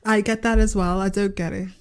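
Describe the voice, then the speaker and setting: A woman's voice: mid-range voice, fairly bright tone. A woman from Liverpool with a light, watered-down Liverpool accent, co-hosting a podcast in casual chat and laughing often. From Liverpool, England. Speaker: podcast co-host.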